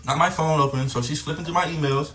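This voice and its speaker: A man's voice: fairly high pitch, fairly even intonation, fast. A young man taunting his partner on a livestream and talking to his chat. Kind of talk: casual livestream argument. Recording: echoey room with background noise.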